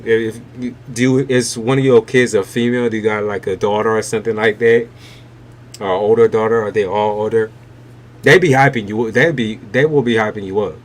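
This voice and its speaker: Male tarot reader on a live stream, mid-range voice, blunt and profane, faint noise behind. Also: mid-range voice.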